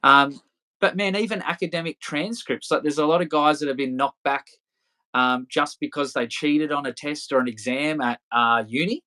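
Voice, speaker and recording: A man's voice: on the high side, normal speed, bright, forceful tone. Rambling, laughing man. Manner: loose, rambling, swears freely, laughs often. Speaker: podcast guest. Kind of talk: casual storytelling interview.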